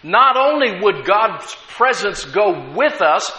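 A man's voice: sits high, big pitch swings, slow pace, sharp tone. An American man preaching a sermon as pastor, telling stories with rising emphasis. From United States. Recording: echoey room, dull lo-fi sound.

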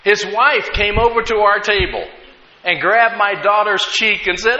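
A man's voice: sits high, unhurried, bright, forceful tone. An American man preaching a sermon as pastor, telling stories with rising emphasis. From United States. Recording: echoey room, dull lo-fi sound.

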